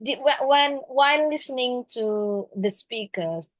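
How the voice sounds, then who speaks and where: A woman English teacher with an Indonesian accent, teaching a class hesitantly with many fillers and pauses. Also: a little high, no room sound, low-quality recording.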